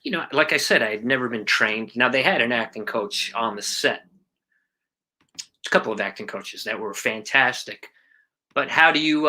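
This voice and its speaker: A man in his forties, an actor guest telling animated stories about his past film work in a casual interview. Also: mid-range voice. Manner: animated storyteller, acts out quotes, swears casually.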